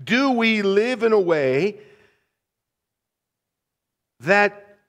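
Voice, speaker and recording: Animated, high-voiced male preacher. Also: extremely slow. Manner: animated, conversational preaching with rhetorical questions. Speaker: pastor. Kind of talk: sermon.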